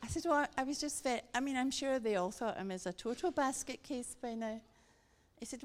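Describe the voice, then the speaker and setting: A middle-aged woman giving a guest sermon, telling a story with animated emphasis and emphatic repetition. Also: high voice, fairly quick. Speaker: guest speaker.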